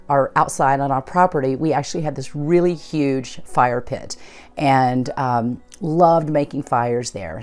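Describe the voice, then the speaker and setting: A woman's voice: low voice, darkish tone. A woman host telling a personal story in a conversational way, recounting events and acting out what people said. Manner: conversational, retells events with quoted dialogue. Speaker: channel host.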